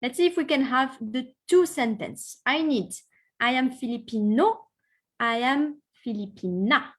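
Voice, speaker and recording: A woman teaching an online class, encouraging students and modelling pronunciation slowly. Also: high-pitched. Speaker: French teacher.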